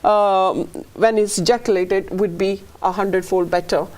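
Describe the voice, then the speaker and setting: A woman's voice: mid-range voice, fairly even intonation, moderate pace, a little mellow. Brief: middle-aged woman, fertility practitioner guest, earnest and emotional, rambling delivery, mid-range voice. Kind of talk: conversational interview.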